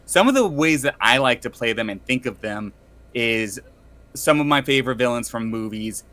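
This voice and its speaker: A man's voice: mid-range voice, animated, moderate pace, bright, forceful tone. A man co-hosting a casual tabletop gaming podcast, speaking as a game master in an enthusiastic, rambling way.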